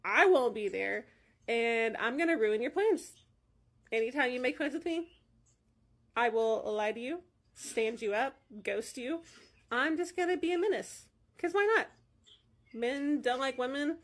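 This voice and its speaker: A woman talks in a sarcastic social media monologue, mocking and defiant. Her voice sits a little high. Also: lively intonation, measured pace, pauses often.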